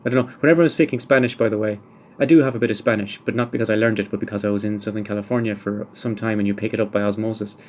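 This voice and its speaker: A man's voice: fairly low pitch, fairly even intonation, rapid-fire, a little mellow. A man hosting a solo podcast, answering listener questions one by one with dry, wry humour and rambling asides. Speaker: podcast host.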